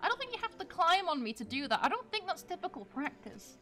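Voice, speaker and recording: A woman's voice: very high voice, very animated, fast, sharp tone, soft background music, pitched above the performer's own voice, full character voice. A woman reading the lines of a confused young hospital patient with no memory, in a bewildered, questioning way, from a visual novel.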